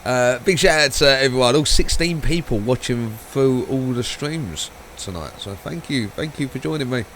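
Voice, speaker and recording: A man's voice: medium pitch, animated, normal speed, a bit bright, a little hiss or hum, low-quality recording. A man live-streaming a flight simulator, chatting casually, rambling, swearing and laughing a lot.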